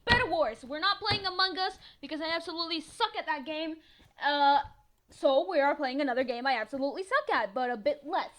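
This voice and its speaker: Chatty excitable teen girl from Mexico. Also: high-pitched, a little fast. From northern Mexico. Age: teens. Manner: chatty, excitable, swears freely, laughs often. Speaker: gaming vlogger. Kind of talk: casual storytelling voiceover.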